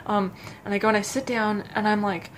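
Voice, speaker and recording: Young woman vlogging, kinda halting and nervous, lots of restarts, light background hiss. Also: medium pitch, steady tone. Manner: halting and self-conscious, frequent restarts and stutters. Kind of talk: casual personal storytelling to camera.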